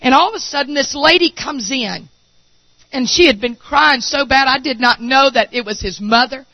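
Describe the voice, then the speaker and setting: A male preacher, telling a story in a sermon and building to impassioned shouting. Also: extremely high pitch, normal speed, no echo, dull audio.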